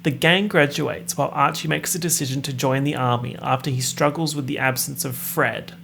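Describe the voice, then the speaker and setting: A man's voice: mid-range voice, steady tone, brisk, creaky, a bit bright, slight background noise. A young man hosting a casual podcast, reading out a plot summary with sarcastic asides. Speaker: podcast host.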